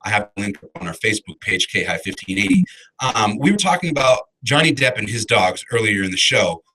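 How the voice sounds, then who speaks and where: A man hosts a casual morning show in a rambling, unhurried way. His voice sits low and has a strong, pressing edge, and he fills his pauses with ums and uhs. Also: big pitch swings, pushed and bright, breathy edge, rough recording. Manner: laid-back, rambling, many fillers. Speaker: radio show host.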